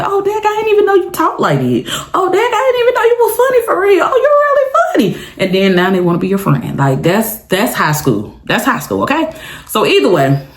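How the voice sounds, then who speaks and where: Animated woman telling a storytime. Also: lowish voice, reverberant. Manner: animated, dramatic, talks straight to viewers; laughs often while telling. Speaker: vlogger. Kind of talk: casual storytime chat.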